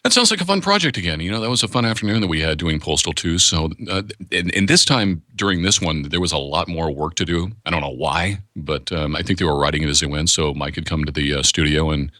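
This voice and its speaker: A man's voice: a bass voice, fast talker, few pauses, pushed and bright, dry recording, studio quality. A man who works as a voice actor, talking candidly in a casual interview and rambling with restarts. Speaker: voice actor guest.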